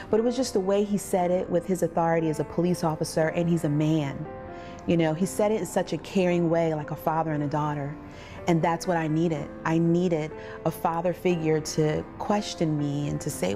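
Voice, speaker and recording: A woman earnestly telling her own story as a survivor advocate, with restarts, over soft music. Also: low-pitched, steady tone, moderate pace. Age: adult parent. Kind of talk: personal testimony.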